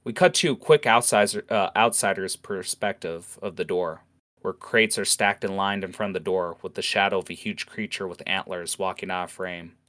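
Low-voiced man telling a fantasy tale. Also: normal speed. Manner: relaxed, with fillers. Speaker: storyteller. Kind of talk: narrating a fantasy scene.

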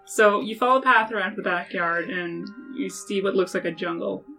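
A woman's voice: medium pitch, a little fast, bright, forceful tone, faint music behind, poor audio. Woman narrating a tabletop game. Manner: descriptive, atmospheric storytelling. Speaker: game master.

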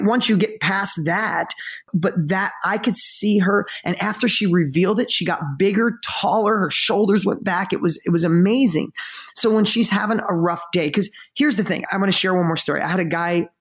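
A man who works as a motivational speaker tells stories as a guest in an interview, talking emphatically in quick bursts and slowing down for emotional moments. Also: high-pitched, slightly rough. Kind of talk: conversational storytelling in an interview.

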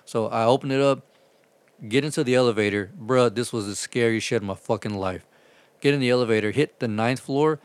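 A man's voice: mid-range voice, brisk, no room sound. A man telling rambling, profane stories about his delivery driving in a casual chat. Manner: profane, rambling, animated retelling.

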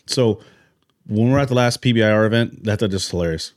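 A man's voice: fairly low pitch, a little fast, no room sound, clean studio sound. A man hosting a casual podcast chat, telling long rambling stories full of restarts. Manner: rambling storyteller, many restarts and impressions. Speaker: podcast host.

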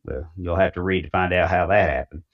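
A man from East Tennessee with a Southern accent, talking casually as an interview guest. His voice sits very low, and he rambles in a folksy way with plenty of fillers. The sound is a little dull and muffled. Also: fairly even intonation, fairly quick. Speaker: author guest.

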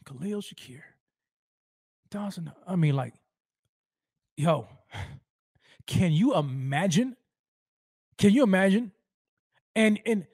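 A man's voice: sits high, expressive, unhurried, pauses often, no room sound, clean studio sound. A man hosting a live sports fan show, hyped and rambling, with slangy street talk and lots of repeats.

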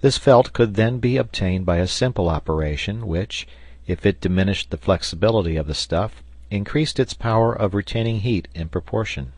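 A man from South Carolina narrating a classic adventure novel in a measured, even reading. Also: fairly low pitch, no room sound. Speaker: audiobook narrator. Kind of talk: volunteer audiobook narration.

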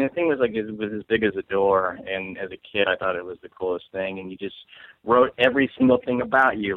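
A man's voice: on the low side, no room sound. A man from St. Louis, a comedian guest, chatting casually in a rambling, self-mocking way and laughing often. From St. Louis, USA. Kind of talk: casual chat. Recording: dry, phone-like line.

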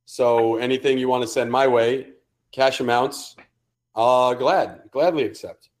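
A man's voice: medium pitch, unhurried. A man co-hosting a casual sports podcast, blunt and crude, full of teasing banter. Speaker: podcast co-host.

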